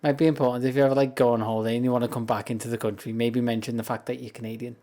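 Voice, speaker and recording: A British man talks casually while streaming a game, drifting from one thought to the next and laughing at his own asides. His voice sits at an ordinary middle pitch, and he speaks from a home setup into a desk microphone. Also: little pitch movement, very fast, warm tone. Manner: rambling, self-amused, laughs often. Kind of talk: casual chat while gaming.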